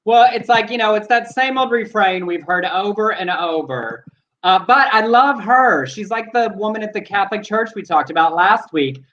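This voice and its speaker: Homem de voz um pouco aguda lendo notícias. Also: male voice, sits high, lively intonation, normal speed, fairly bright tone, muffled recording, slight background noise. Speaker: co-host. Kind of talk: reading news items on a live show.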